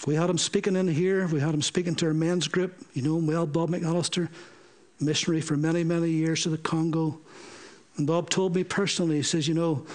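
A middle-aged man, preaching a sermon through stories and acting out the dialogue he quotes. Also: on the high side. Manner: animated, acts out quoted dialogue. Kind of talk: sermon storytelling.

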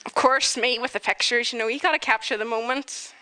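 Woman, lively storyteller, bright and fairly high voice. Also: fairly quick. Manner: animated, chatty, full of fillers. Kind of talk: humorous personal storytelling.

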